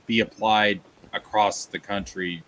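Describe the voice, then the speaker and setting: A man's voice: lowish voice, a little slow. Ranting casual streamer man. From Tennessee, USA. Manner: animated, ranting, reads chat aloud. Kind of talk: casual livestream chat.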